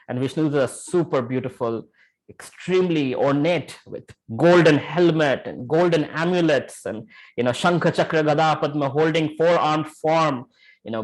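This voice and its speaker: Animated man telling a story. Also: a little high, poor audio. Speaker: spiritual teacher. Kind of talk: casual scripture lecture.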